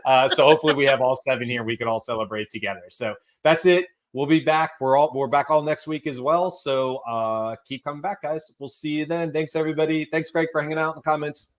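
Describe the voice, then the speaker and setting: A man hosting a casual panel chat, lively and joking, talking in quick bursts. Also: fairly high pitch. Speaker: show host.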